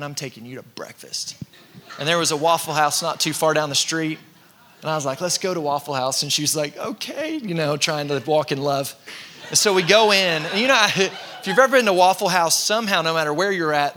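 A man, a pastor preaching a sermon to his congregation and telling funny personal stories in a relaxed, conversational way. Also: fairly high pitch. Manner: conversational, self-deprecating storytelling with laughs. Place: church in front of a congregation.

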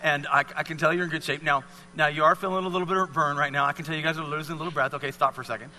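A man's voice: a little high, steady tone, very fast, pushed and bright, long reverb tail. Upbeat man coaching an audience. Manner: encouraging, coaxing, repetitive cues. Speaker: speaker leading a fitness demonstration. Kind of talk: live talk to an audience with volunteers.

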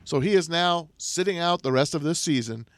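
A man's voice: on the high side, moderate pace, no room sound. A man hosting a sports talk show in a studio, upbeat and welcoming. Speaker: podcast host.

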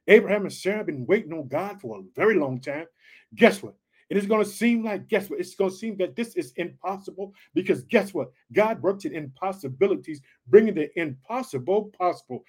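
A man preaching and praying to an online audience, excited and full of repeated catchphrases. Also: sits high. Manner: excited, repeats "let me tell you something" and "guess what". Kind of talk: online sermon and prayer.

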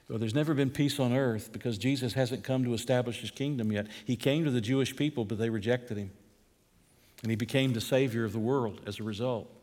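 A pastor preaching a sermon in a conversational way that builds to emphatic, rising passages. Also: male voice, medium pitch, darkish tone, in a large hall.

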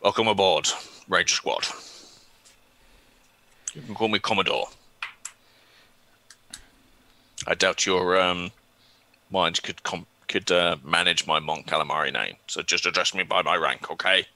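A man voicing an elderly male alien commodore, slow and commanding in a tabletop game. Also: low-pitched, sharp tone, exaggerated voice. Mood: stern. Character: elderly male Mon Calamari commodore, stern officer.

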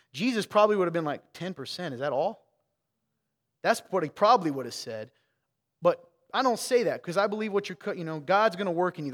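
A man's voice: high voice, a bit bright, long reverb tail. A man preaching a sermon as pastor, frank and joking, talking to his congregation in a conversational way. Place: church sanctuary.

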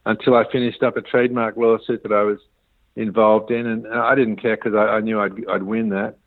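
A man's voice: lowish voice, level tone, brisk, dry recording. A man, a business founder guest, tells his story in a casual, rambling interview and acts out the quoted dialogue. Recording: tinny dry phone line.

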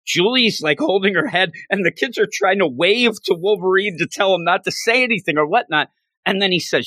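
A man's voice: high voice, a little fast, no echo. A man co-hosting a casual podcast chat, eagerly retelling comic scenes and acting out the characters' lines. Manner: animated, acts out characters' lines while retelling. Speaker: podcast co-host.

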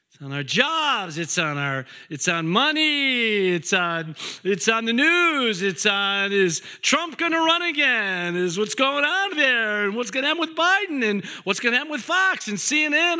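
A middle-aged pastor with a voice that sits high preaches a sermon, swinging dynamically between loud emphasis and hushed intensity. He throws in joking asides and repeats words.

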